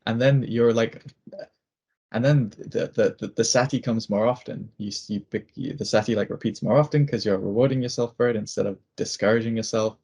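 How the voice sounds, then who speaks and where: A young man with a low, husky voice talks in a loose, rambling way, full of fillers and restarts. He speaks over a video call. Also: a little fast, a little mellow. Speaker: student. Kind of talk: casual chat.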